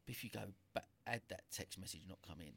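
Deep gravelly man hosting. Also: quick pace, pushed and bright. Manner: reflective, rambling questions. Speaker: podcast host. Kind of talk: interview questions.

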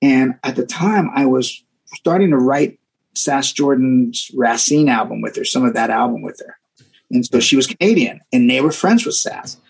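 A man, a guest musician, telling stories in a casual interview, animated and often repeating words as he acts out what people said. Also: mid-range voice, moderate pace, creaky, slightly rough, low-quality recording.

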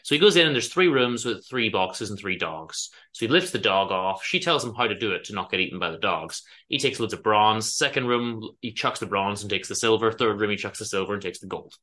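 Man, podcast co-host, lively pitch, bright tone, casual book chat, animated retelling. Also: brisk, few pauses. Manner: animated storytelling, acts out characters; many ums and self-corrections.

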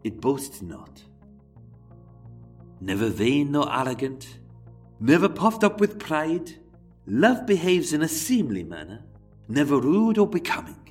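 A man voicing a sentimental poet, reciting slowly in a put-on Welsh accent. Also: a little high, wildly swooping pitch, faint music behind. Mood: earnest. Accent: put-on generic Welsh.

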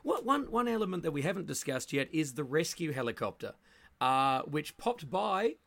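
Comedian guy, slightly high voice, rambly self-roasting stories. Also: big pitch swings, normal speed, gravelly, fairly bright tone. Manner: rambling, self-mocking anecdotes. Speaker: comedian guest. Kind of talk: comedy podcast storytelling.

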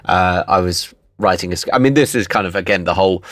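Deep-voiced man chatting in a dry room. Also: fairly bright tone, dry recording. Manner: rambling, halting with fillers and restarts. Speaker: podcast co-host, freelance writer. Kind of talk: casual chat.

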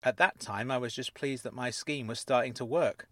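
A man voicing a sharp-tongued middle-aged woman fraudster who speaks in a measured, wry way. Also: medium pitch, no echo, natural voice.

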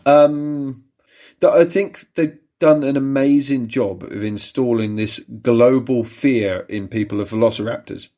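Halting man, mid-pitched voice. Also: mellow. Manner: halting, restarts sentences, easygoing. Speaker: podcast co-host. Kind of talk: casual film chat.

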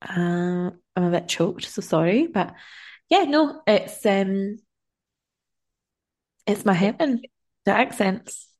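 A woman's voice: mid-range voice, lively intonation, slow pace, long pauses, darkish tone. A woman co-hosting a podcast in casual chat, chatty and giggly, tired after a long day of travel. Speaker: podcast co-host.

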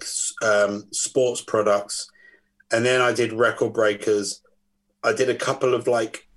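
Podcast guest: man, husky, lively anecdote teller. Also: mid-range voice. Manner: animated storyteller acting out quoted voices. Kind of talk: casual chat.

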